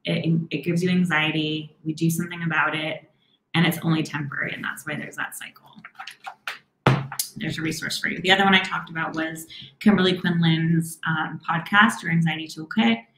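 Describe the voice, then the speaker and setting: A young woman therapist with a fairly low voice talks through viewers' questions on a live stream. She speaks quickly and casually, with frequent "um"s and restarts, and the sound bounces around an echoey room. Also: steady tone, noisy background. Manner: quick, warm-toned advice with many "um"s and restarts.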